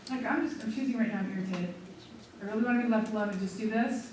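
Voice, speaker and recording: A woman's voice: mid-range voice, fast, a little hiss or hum. Chatty woman seminar leader, echoey distant mic. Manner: chatty, animated storyteller who acts out her inner thoughts. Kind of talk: teaching through a personal story.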